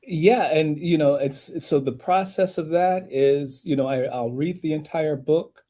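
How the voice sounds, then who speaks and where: Animated storytelling man with a mellow voice. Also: measured pace. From United States. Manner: animated storyteller, rising emphatic pitch when making points. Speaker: author and audiobook narrator. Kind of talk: podcast interview guest.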